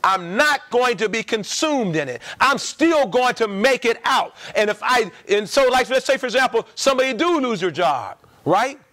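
A man's voice: very high voice, expressive, moderate pace, hardly any pauses, pushed and bright, no echo. A man preaching a sermon to a church congregation, emphatic and repeating his lines, asking the people questions.

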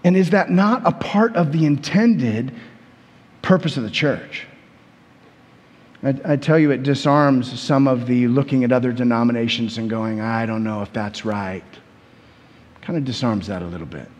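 A man with an American accent preaching a sermon as a pastor, telling stories in a conversational, animated way with many repetitions. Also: medium pitch, normal speed, long reverb tail. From United States.

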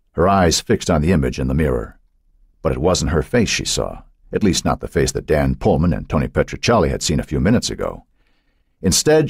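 Brief: male narrator, very deep and husky, lively rises and falls, dramatic measured reading. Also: no room sound, studio quality. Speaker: audiobook narrator. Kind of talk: scripted narration.

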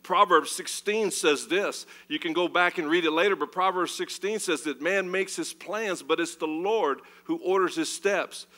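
Guy preaching in church, bright sharp voice kinda high, gets loud then drops way quiet. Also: moderate pace, hardly any pauses. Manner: animated preaching, swings between loud and hushed. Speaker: pastor. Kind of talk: sermon.

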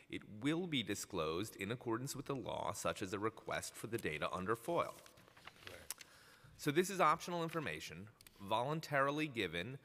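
Firm, lowish man reading testimony. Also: sharp tone. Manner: firm, measured, argumentative. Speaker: union representative testifying. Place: council chambers at city hall. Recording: council chamber, long reverb.

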